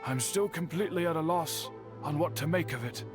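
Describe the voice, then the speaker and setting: An actor playing an elderly, patient master bladesmith in a game, speaking in a measured, formal way. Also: male voice, fairly high pitch, lightly acted. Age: older. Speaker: game character. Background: game music.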